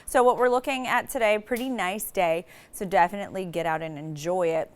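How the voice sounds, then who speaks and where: A woman's voice: mid-range voice, brisk, smooth. A woman meteorologist giving a live TV weather forecast in a casual, rambling way, starting many sentences with "so" and restarting a few phrases.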